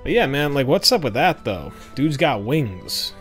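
A man's voice: mid-range voice, very animated, a little slow, a bit bright, faint music behind. A man streaming a game, commenting in a laid-back, chatty way and swearing casually. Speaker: gaming streamer. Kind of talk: let's-play commentary.

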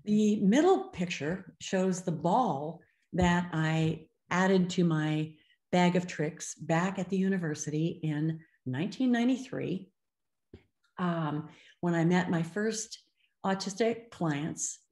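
An older woman gives a webinar lecture on child language, with a voice pitched a little low for a woman. She talks expressively and acts out the phrases she quotes in other voices. The sound carries a roomy echo. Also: slow. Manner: expressive, slips into voices when quoting children and parents. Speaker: speech-language clinician presenting.

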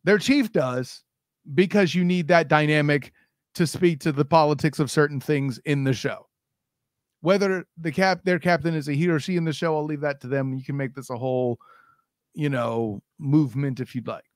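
Podcast host, man, high voice, dry close mic, opinionated and animated. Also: normal speed, no room sound. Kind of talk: casual podcast banter.

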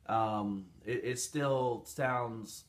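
A man's voice: mid-range voice, very slow. A man hosting a casual tech review, chatty and rambling with fillers as he talks through phone settings. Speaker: channel host.

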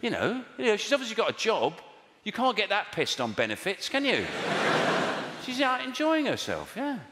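Man, middle-aged, stand-up comic, wry and sardonic, lively pitch, faint audience noise, live venue. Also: normal speed, in a large hall. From England. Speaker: stand-up comedian. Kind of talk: stand-up comedy routine.

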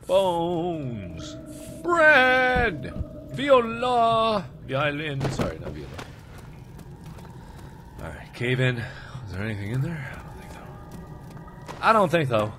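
A young man in his twenties commentating a horror game, with jumpy, loud screaming outbursts and jokey asides. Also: fairly high pitch, wildly swooping pitch, slow pace, pauses often, background noise. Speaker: let's play host.

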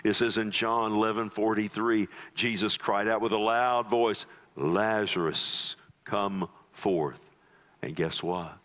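A pastor preaching a sermon, dramatic, dropping into low hushed tones for emphasis and calling the listeners "loved one". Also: male voice, fairly even intonation, normal speed, hardly any pauses.

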